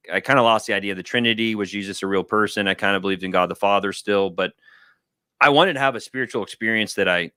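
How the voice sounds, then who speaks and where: A man in his thirties chatting casually on a livestream. He rambles through personal stories and acts out his friends' lines in a higher voice. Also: bright, forceful tone, clear, resonant tone, no room sound, studio quality. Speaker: guest. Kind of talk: casual storytelling conversation. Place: home studio.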